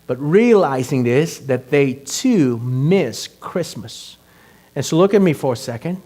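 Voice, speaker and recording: Slightly high-voiced male pastor preaching. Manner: conversational, turning loud and animated with rhetorical questions. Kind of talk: sermon.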